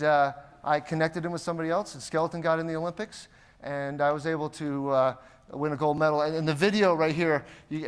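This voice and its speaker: A man's voice: a little high, clean tone. A man from the United States giving a motivational keynote, telling anecdotes and acting out the people in them. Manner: animated anecdotes, acting out quoted voices. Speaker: keynote speaker. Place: large conference hall. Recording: long reverb of a conference hall.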